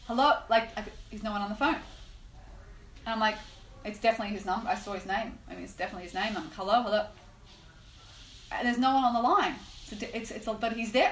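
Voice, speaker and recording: A woman teaching a class on prayer, telling a personal story in an animated way with lots of "like" and "right?". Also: on the high side. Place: room with a live class. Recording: echoey room, faint noise.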